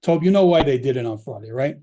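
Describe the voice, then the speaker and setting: A man's voice: medium pitch, animated, fast, warm tone. A middle-aged man, a former police officer telling his story in an interview, emotional and profane, acting out the people he quotes. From Long Island, New York.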